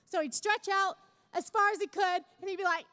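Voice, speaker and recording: A woman's voice: very high-pitched, fairly even intonation, fairly quick, sharp tone, big-room sound. A young woman speaking at a church service, telling a chatty, self-mocking parenting story that builds into fervent encouragement. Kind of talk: sermon with personal story.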